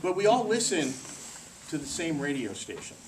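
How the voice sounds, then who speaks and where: A man's voice: fairly high pitch, sing-song, normal speed. Man, presenter, workplace talk, joking, quizzes the audience, distant mic, faint hiss. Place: staff meeting room.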